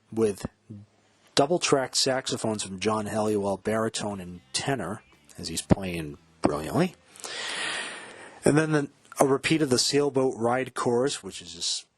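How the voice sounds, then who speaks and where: Host, male, husky and low-voiced; casual rock commentary, breaks into sung lyric snippets. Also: dry recording. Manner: quotes and hums lyrics while explaining, excitable. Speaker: podcast host.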